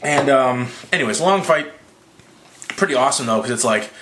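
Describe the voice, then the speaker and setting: A slightly drunk young man rambling through a profane, casual movie recap with quick impressions. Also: medium pitch, lively intonation, fairly bright tone, reverberant, slight background noise. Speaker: movie reviewer.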